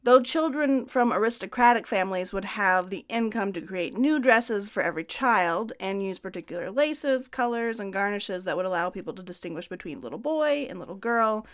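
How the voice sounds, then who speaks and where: Brief: a woman podcast co-host, mid pitch, conversational scripted history narration. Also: a bit bright.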